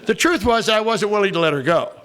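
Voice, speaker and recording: A man's voice: sits high, lively intonation, fast, a bit bright. A man in his sixties, a veteran comedian telling a profane, wisecracking recovery story to a meeting. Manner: profane, wisecracking, punchline-driven. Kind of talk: comic storytelling talk.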